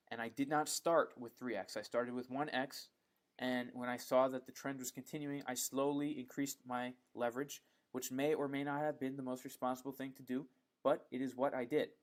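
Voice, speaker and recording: A man hosting a live stream, reading out viewer questions and answering them in a relaxed, chatty way, with frequent ums and the odd "bro". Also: mid-range voice. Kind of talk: casual live Q&A chat.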